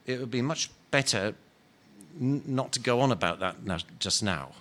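A gentle, humble male spirit, as a man reading a story voices him. He speaks low and soft, earnest and unhurried, with patient calm. The tone is plain and kind. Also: natural voice. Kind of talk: dramatic reading of a novel.

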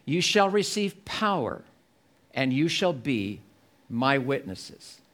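A man preaching a sermon at a church service, slow and emphatic, repeating key phrases for effect. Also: medium pitch, sing-song, fairly bright tone.

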